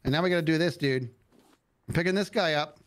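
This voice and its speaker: A man chatting excitedly as a guest co-player on a stream, telling stories with lots of "dude". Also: on the high side, fast, no echo. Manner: animated storyteller, bouncy, says dude a lot. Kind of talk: casual gaming chat.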